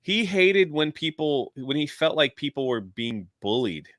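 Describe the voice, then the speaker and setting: A man on a livestream telling a long story in an animated, chatty way, jumping in and out of quotes. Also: on the high side, a little slow, no echo, clean studio sound. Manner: animated, jumps into quoted voices. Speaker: YouTuber guest. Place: lives near a theme park in Florida.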